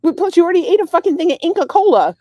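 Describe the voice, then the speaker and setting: A woman's voice: extremely high pitch, sing-song, rapid-fire, dark tone, no echo. A middle-aged woman co-hosting a casual married-couple podcast, crude and rambling, laughing often. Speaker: podcast co-host.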